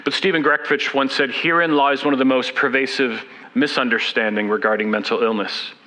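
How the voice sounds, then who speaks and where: Speaking from a seat at a church service, a guest speaker in his fifties shares a candid, self-deprecating personal talk, acting out quoted people. His mid-range voice sounds pushed and bright, and the audio is poor.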